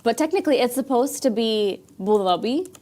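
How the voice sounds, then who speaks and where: A woman co-hosting a morning show in casual chat, relaxed and patient when explaining. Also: a little high, a little fast. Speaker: co-host.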